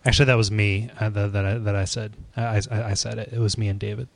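A man's voice: lowish voice, little pitch movement, fast talker, vocal fry. A man playing along in a casual quiz among friends, stammering often. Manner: stammering, laughing easily. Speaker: quiz contestant. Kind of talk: casual online chat.

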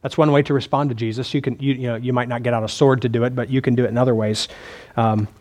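With a mid-range, darkish voice and steady tone, this pastor talks fast. His sermon feels conversational, full of questions put to the listeners and frequent restarted sentences.

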